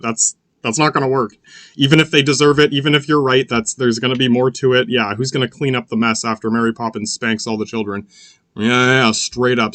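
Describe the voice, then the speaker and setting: A man's voice: mid-range voice, fairly bright tone, no room sound. A man hosting a podcast, rambling through political commentary in a profane, sardonic way, full of "yeah, yeah" fillers and restarts. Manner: sardonic, mocking. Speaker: podcast host.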